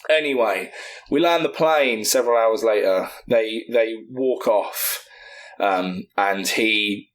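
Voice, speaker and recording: A man co-hosting a comedy podcast who casually tells a film pitch, rambling, swearing freely and talking with enthusiasm. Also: slow pace.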